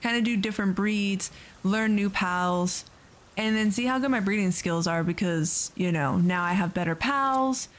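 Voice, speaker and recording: A woman's voice: medium pitch, normal speed. A woman hosting a let's play video, giving casual, chatty gameplay commentary and gushing over the creatures she raises.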